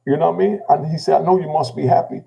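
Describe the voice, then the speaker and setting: Gravelly older man telling his story. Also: steady tone, racing, muffled recording. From Jamaica. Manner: gravelly, repeating "you know what I mean" after each thought; drops low and quiet when he quotes himself. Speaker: channel host telling his own story. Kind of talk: casual emotional storytelling.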